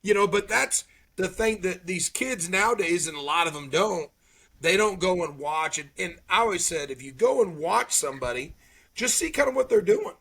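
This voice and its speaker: Husky and creaky, this middle-aged man's voice sits high as he chats casually at normal speed. He's an animated storyteller who performs other people's quotes.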